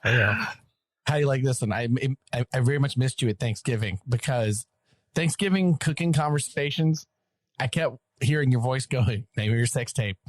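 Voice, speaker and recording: A man's voice: medium pitch, normal speed, dry recording, clean studio sound. A man with a Southern accent co-hosting a podcast, telling stories in casual chat, laughing often and mimicking voices. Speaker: podcast co-host.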